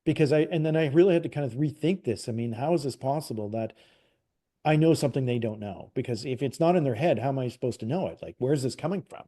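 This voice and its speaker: A man's voice: mid-range voice, quick pace. A man from Canada, a psychic medium, casually telling a personal story as an interview guest, acting out quoted dialogue with lots of restarts. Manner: animated retelling, acts out quoted dialogue, frequent "like" and restarts.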